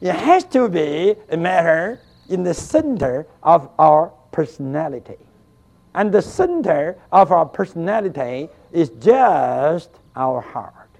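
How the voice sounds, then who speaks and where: An older man preaching a sermon with feeling, swinging between hushed, tender tones and loud, fervent cries. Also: on the high side, big pitch swings, slow pace. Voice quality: gravelly. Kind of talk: emotional sermon.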